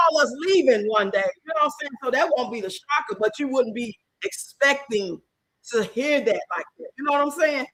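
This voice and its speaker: Woman, chicago accent, livestream host, outspoken, emphatic, bright voice. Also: sits high, fairly quick, dry recording, rough recording. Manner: animated, outspoken, emphatic, talks back to the chat. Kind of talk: livestream chat reacting to comments.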